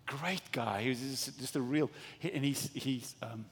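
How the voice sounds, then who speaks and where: A man preaching a sermon as pastor, animated and acting out little dialogues, often stumbling and restarting his words. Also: medium pitch, measured pace, breathy edge. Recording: long hall reverb.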